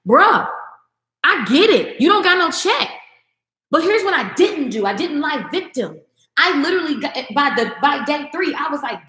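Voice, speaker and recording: A woman's voice: high-pitched, big pitch swings, moderate pace, bright, forceful tone, echoey room. A woman vlogger giving a passionate, emphatic motivational talk straight to her viewers, repeating phrases for emphasis.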